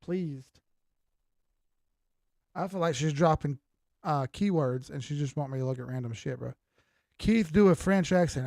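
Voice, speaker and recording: A man's voice: a little high, unhurried, vocal fry, pauses often, darkish tone, no echo, clean studio sound. An older man hosting a crypto livestream, talking loosely and with profanity while reading out viewer comments. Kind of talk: casual livestream chat.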